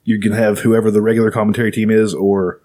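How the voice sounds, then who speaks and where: A young man with a fairly low voice co-hosts a casual podcast chat. He tells loose, profane stories and keeps dropping into quick quoted voices. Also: little pitch movement, dark tone. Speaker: podcast co-host.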